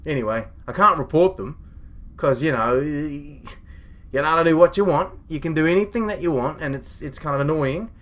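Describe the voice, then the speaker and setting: A man's voice: fairly high pitch, normal speed, fairly bright tone, lightly acted. A man playing a grumpy, foul-mouthed starship captain, rambling and ranting with indignation in a comedy monologue. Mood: indignant. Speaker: comedy web series creator.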